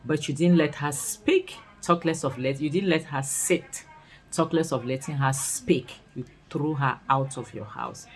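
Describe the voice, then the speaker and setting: A woman with a Nigerian accent recapping a series in casual commentary, expressive and full of scolding rhetorical questions. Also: low-pitched, unhurried, faint music behind, rough recording. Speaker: series reviewer.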